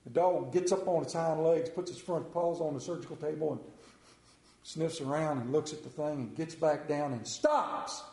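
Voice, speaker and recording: A male preacher with a fairly high voice spins a folksy, humorous story before reading scripture. His voice rings through a reverberant church room, with an easy drawling delivery. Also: normal speed, mellow. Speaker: pastor. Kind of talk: sermon with jokes and scripture reading. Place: church sanctuary.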